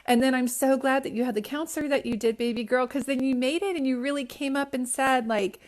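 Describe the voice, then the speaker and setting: A woman hosts a live-stream psychic reading, talking to viewers casually and affectionately, using pet names and rambling with restarts. Her voice sits high and she talks a little fast.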